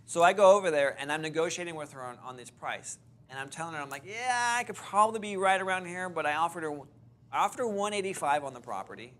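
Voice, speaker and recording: A man with a fairly high voice talks quickly while teaching a real estate course. He tells a seminar audience a story as an animated storyteller, acting out the quoted dialogue as he goes.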